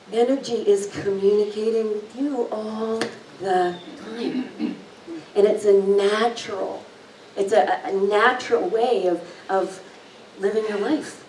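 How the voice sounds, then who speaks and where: A woman speaking slowly and gently from a little way off the mic, her low-ish voice carrying through an echoey room. She tells a story to an audience and eases them into a calm guided relaxation. Faint room ambience sits behind her. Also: recorded from a distance, a little hiss or hum. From lived long in New Zealand. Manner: unhurried, gentle, lingers on words. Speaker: speaker leading an intuition talk.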